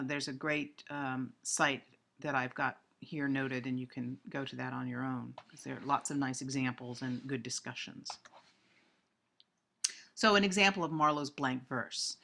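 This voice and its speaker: A woman's voice: very deep voice, creaky, a bit bright. A woman giving a recorded literature lecture, explaining step by step with frequent ums and self-corrections.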